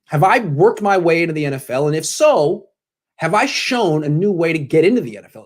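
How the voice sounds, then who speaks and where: A young man hosting a postgame live stream, joking sarcastically and answering donations, his voice cracking when he gets worked up. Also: a little high. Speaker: sports show host.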